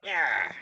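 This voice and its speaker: A man's voice: pushed and bright, no room sound, lo-fi sound. A man reviewing a movie in a casual, rambling way, full of fillers and frequent chuckles.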